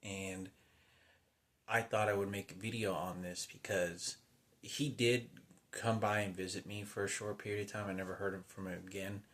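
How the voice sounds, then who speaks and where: A man in his forties telling a rambling personal story, halting and unsure, often restarting and trailing off. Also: lowish voice, steady tone, fairly bright tone. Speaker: vlogger.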